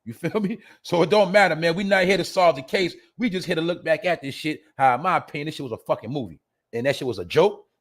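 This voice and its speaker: A man hosting a podcast, giving animated, profane casual commentary in with laughing asides. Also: fairly high pitch, quick pace. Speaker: podcast host.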